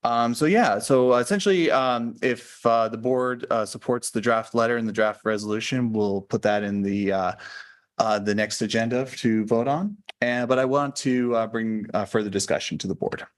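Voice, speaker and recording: A man's voice: mid-range voice, moderate pace. A man chairing a public board work session, running the agenda in a procedural, hesitant way. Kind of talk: public meeting discussion. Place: board meeting room.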